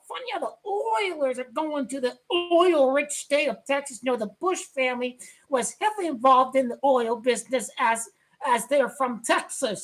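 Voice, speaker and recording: Shouting often and repeating herself, a woman vlogs about basketball in a loud, excitable rant. Her voice is high and her pace moderate.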